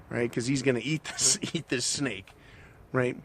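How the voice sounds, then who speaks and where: A man's voice: medium pitch, steady tone, normal speed, fairly bright tone, a little hiss or hum. Rambling man recapping a film. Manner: rambling, tags lines with "right?". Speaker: channel host. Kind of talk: casual opinionated film recap.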